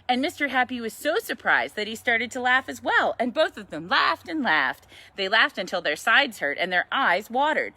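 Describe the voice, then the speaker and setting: A woman reading a children's picture book aloud at storytime, chatty and playful. Her voice is high and bright, with a very lively pitch that swoops up on exclamations. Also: normal speed, few pauses, no room sound. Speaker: yoga teacher reading to a child.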